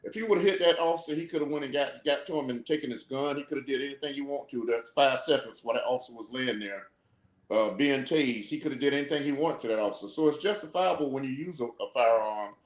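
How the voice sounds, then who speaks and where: A man's voice: mid-range voice, fast. A man who is a former police officer, explaining steadily on a live video call and often repeating his words. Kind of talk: live video talk show discussion. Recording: echoey room.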